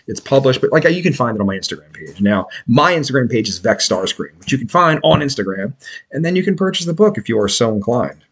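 Husky-voiced man rambling on a podcast. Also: mid-range voice, sing-song, fast talker. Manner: rambling, profane storytelling with restarts. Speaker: podcast host. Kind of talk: casual podcast chat.

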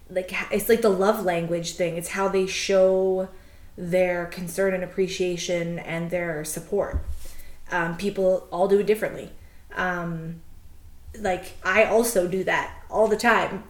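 A woman's voice: fairly low pitch, echoey room. A woman co-hosting a podcast in casual chat, speaking candidly with fillers and some swearing. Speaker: podcast co-host.

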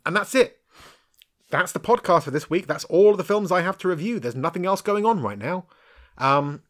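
Male podcast host, 30s, rambling chatty review, lots of ums, dry close sound, mid pitch. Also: fairly bright tone, dry recording. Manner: rambling, frequent ums and restarts, frank with mild swearing. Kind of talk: casual solo podcast film review.

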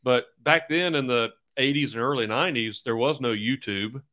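A middle-aged man guests on a podcast as a football coach. His voice is bright and smooth. He chats in an easygoing way and acts out the people in his stories. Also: medium pitch, normal speed. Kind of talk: casual interview chat.

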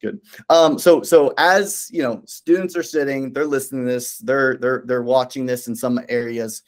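A man's voice: medium pitch, steady tone, moderate pace. A man who is a pastor, speaking earnestly and encouragingly in a casual faith conversation, with many fillers and restarts.

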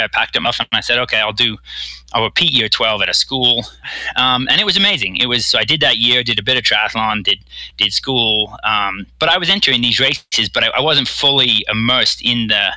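A man's voice: lowish voice, bright, forceful tone, dry recording, rough recording. A man from Bermuda with a slight American accent, a pro triathlete telling stories in a casual interview, repeating words as he goes. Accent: American-tinged. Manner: rambling, repeats words, acts out quotes. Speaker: guest, professional triathlete.

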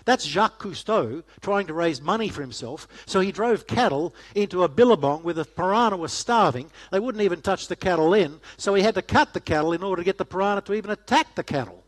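A man's voice: sits high, lively intonation, a little fast, hardly any pauses. A middle-aged man giving a casual, joking talk to a church audience, often asking them questions. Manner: jokey, chatty, asks the audience questions. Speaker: guest speaker.

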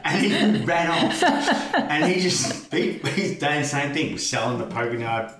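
A man's voice: fairly high pitch, expressive, unhurried, crowd noise. A man telling a story in casual chat, laughing often and acting out the voices of the people in it. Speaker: fellow wrestler telling a story. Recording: echoey room with faint noise.

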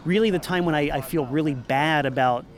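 A man's voice: fairly high pitch, fairly quick. A man, a musician and former record store owner, talking in a rambling, upbeat way in a casual interview in a parking lot. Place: parking lot outside a venue.

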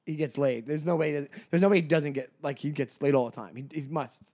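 A man co-hosting a comedy podcast, animated and quick to laugh, often stumbling and restarting his sentences. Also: fairly high pitch. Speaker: podcast co-host. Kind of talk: casual comedic chat.

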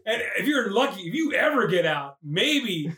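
Brief: male comic podcast host, animated recapper, bright high voice, echoey room. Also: normal speed. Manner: animated, acts out characters in loud bursts. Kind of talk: casual comedic movie recap.

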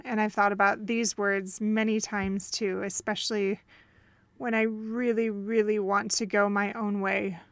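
A woman's voice: mid-range voice, dry recording. A woman hosting a faith-based podcast as a counselor, telling a story earnestly and asking listeners reflective questions.

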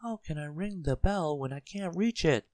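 A man's voice: animated, normal speed, dry recording, close to an everyday voice. Mister Small, a man doing a tiny timid voice. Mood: polite, timid. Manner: high, small, gentle voice. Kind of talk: storybook character voice.

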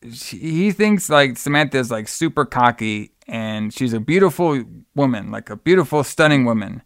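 A man's voice: medium pitch, lively intonation, moderate pace, fairly bright tone, no room sound, clean studio sound. Rambling man recapping a movie. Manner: rambling, with many fillers and restarts. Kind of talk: casual movie recap chat.

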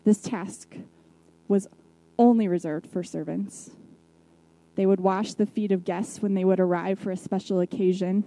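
Lady preacher telling the story slow and thoughtful, drops soft and quiet sometimes. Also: mid-range voice, steady tone, rough recording. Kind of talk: sermon retelling a Bible story.

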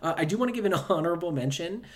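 A man co-hosting a casual podcast chat in an easygoing, measured way. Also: on the high side, lively intonation. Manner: easygoing, measured, with frequent fillers. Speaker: podcast co-host.

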